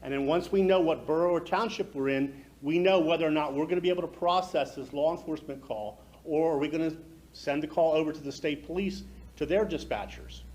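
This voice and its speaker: A man's voice: fairly high pitch, fairly quick, darkish tone. Echoey talkative man at a community event. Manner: talkative, emphatic explainer. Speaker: county emergency services director. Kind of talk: public presentation to an audience. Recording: echoey hall from far off, noisy.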